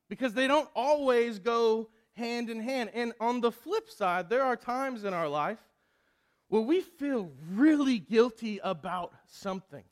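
Sex: male. Role: pastor. Style: conversational sermon. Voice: high-pitched. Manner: storytelling, stammered restarts.

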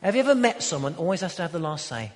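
A man preaching a sermon in an emphatic manner, building to loud declarations. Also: on the high side, very animated, very fast. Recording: long hall reverb.

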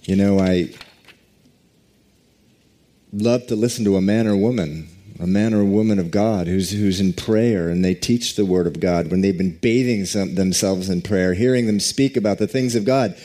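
A man preaching a sermon, reading scripture and praying with deliberate, drawn-out emphasis. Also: sits low, warm tone. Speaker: pastor.

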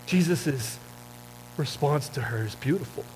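A man preaching a sermon in a conversational storytelling way, often dropping soft and low for emphasis. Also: expressive, unhurried, faint music behind, low-quality recording. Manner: self-described wordy talker. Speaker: pastor.

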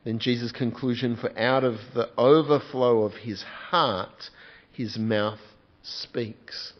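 A man's voice: mid-range voice, fairly even intonation, slow, muffled recording. A man preaching a sermon as a pastor, earnest and putting direct questions to his congregation.

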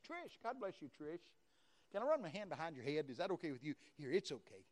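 Booming folksy preacher man. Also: very animated, fast. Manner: folksy storytelling with sudden loud bursts. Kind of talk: sermon. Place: church.

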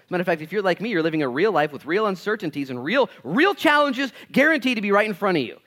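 A man's voice: sits high, fast talker. A man in his thirties preaching a conversational, jokey sermon to his congregation. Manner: animated, acts out voices in quotes. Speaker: pastor.

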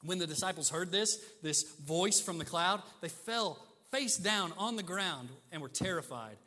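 Bright-voiced preacher man in a reverberant hall. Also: high-pitched, lively intonation, measured pace. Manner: emphatic, rhetorical questions, swings between loud and soft. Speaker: pastor. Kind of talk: sermon.

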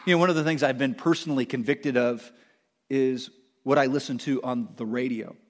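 A middle-aged man preaching a sermon as pastor, animated, growing loud on quoted lines and stumbling into quick restarts. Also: mid-range voice.

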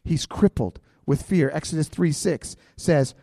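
A man's voice: fairly high pitch, a little slow, warm tone, no echo, clean studio sound, long reverb tail. A pastor preaching an impassioned sermon, often asking his listeners questions.

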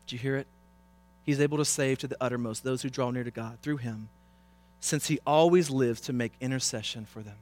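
A male pastor preaching a sermon, swinging from loud, impassioned urging to hushed pleading. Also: medium pitch, steady tone, a little fast, no echo.

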